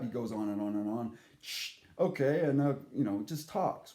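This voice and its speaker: A man telling a story in a casual monologue, animated and profane, acting out the voices he quotes. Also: mid-range voice, moderate pace, few pauses, roomy sound.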